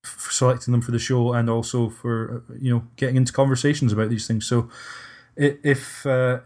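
Flat-voiced male podcast host. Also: medium pitch, brisk. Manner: hesitant, restarts often, even-toned. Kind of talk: casual podcast discussion.

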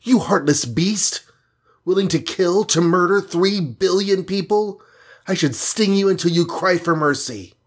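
A woman's voice: lowish voice, measured pace, slightly rough, voice pushed up. A man reading a storybook and voicing a fiery small heroine, piping and outraged.

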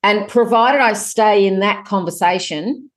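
A middle-aged woman guest on a casual podcast interview, talking in a chatty, animated way with sudden lifts in pitch. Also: measured pace. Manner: animated, chatty, jumps up in pitch when excited. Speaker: guest author.

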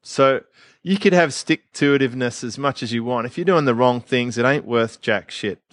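A man co-hosting a podcast in casual, blunt chat, laughing often and trailing off into quiet asides. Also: mid-range voice, moderate pace, no room sound, studio quality. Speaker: podcast co-host.

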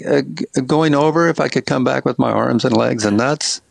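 An older man from Tennessee, an author guest, telling stories in a halting, casual way with many fillers and restarts. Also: medium pitch, creaky. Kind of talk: casual interview storytelling.

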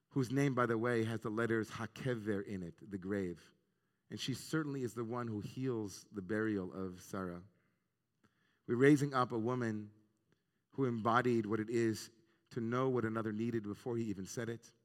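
A man's voice: medium pitch, moderate pace. A man, a rabbi, giving an earnest, reflective sermon on the weekly Torah portion and weaving in Hebrew terms. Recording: long reverb of a large hall.

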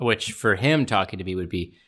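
A man's voice: low-pitched, animated, fairly quick, fairly bright tone. A man guesting on a podcast, chatting casually and animatedly, often breaking into laughter.

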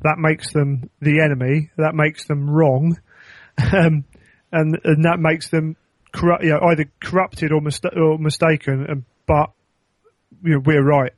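Man, slightly higher voice, dry close mic, thoughtful, hesitant. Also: little pitch movement, a little slow, dry recording. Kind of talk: casual book discussion.

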